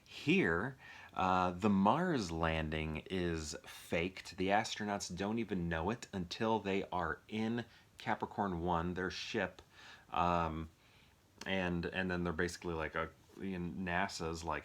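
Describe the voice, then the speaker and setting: A man's voice: low-pitched, takes it slowly, a bit bright. A young man chatting casually and off the cuff about films from his collection, rambling with lots of fillers and restarts. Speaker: movie reviewer. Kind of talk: impromptu casual movie chat.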